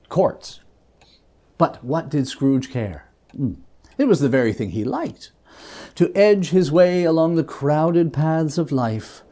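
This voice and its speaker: A man giving a dramatic reading of a classic novel, telling it with an expressive, varied storytelling delivery. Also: on the high side. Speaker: reader.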